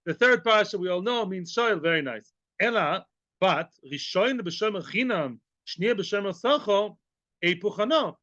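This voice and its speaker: High-voiced rabbi teaching Talmud. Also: male voice, a little slow, dry recording. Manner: lively teacher, asks questions and answers them himself; mixes English with Hebrew and Aramaic terms. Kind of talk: Talmud lesson. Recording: dull, lo-fi and dry.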